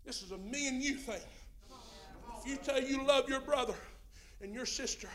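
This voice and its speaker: A middle-aged man preaching a sermon, dropping to a near-hush and then rising into drawn-out shouted lines. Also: very high-pitched. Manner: swings from hushed to shouting, drawn-out emphatic phrases.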